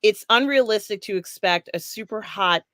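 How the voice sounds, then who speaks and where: A woman co-hosts a pop culture chat, frank and chatty, with many fillers and frequent laughs. Her voice sits at a middling pitch. The recording is dry and close. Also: normal speed, bright, forceful tone, no echo. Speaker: co-host.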